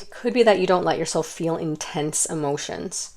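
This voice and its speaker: A young woman giving an intuitive pick-a-card reading, gentle and rambling with many fillers and restarts. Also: low voice, moderate pace. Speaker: tarot card reader.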